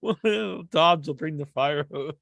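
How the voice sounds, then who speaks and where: A man co-hosting a podcast in casual chat, an animated storyteller who laughs often and acts out sounds. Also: a little high, slow, creaky, dry recording, muffled recording. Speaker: podcast co-host.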